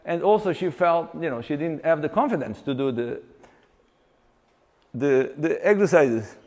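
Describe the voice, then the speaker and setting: A man, an exercise coach, giving a live seminar talk with animated storytelling, halting often and restarting his sentences. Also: a little high. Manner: animated storyteller who acts out client dialogue; halting, with many restarts and fillers. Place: seminar venue with long reverb. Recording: reverberant hall recording.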